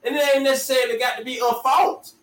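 A man's voice: extremely high pitch, steady tone, fast, a bit bright. A man hosting a casual chat, drawling and repeating his phrases with slang. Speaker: podcast host. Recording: echoey room from far off.

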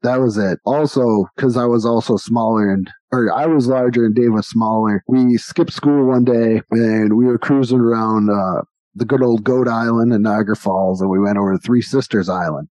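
A man's voice: lowish voice, fairly even intonation, normal speed, mellow, no echo. A man in his forties on a podcast, telling rambling stories with frequent laughs. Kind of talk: casual storytelling. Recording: dull lo-fi dry recording.

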